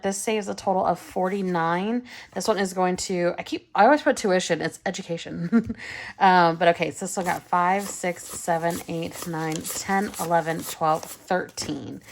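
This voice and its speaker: A woman in her thirties chatting casually and giggling while she counts cash for budget savings, her voice trailing off into soft counting. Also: lowish voice, gravelly. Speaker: budgeting vlogger.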